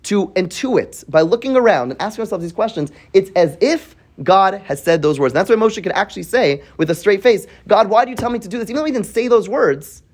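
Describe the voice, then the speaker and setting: Animated man teaching a Torah class. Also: sits high, fairly quick, few pauses, husky. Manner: asks the class questions, thinks aloud with restarts. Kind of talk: weekly Torah portion class.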